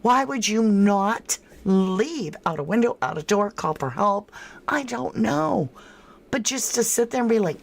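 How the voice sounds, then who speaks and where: A woman's voice: mid-range voice, lively intonation, takes it slowly, gravelly. A woman hosting a true crime livestream in casual commentary, thinking aloud and answering viewers' chat comments by name with frank disbelief.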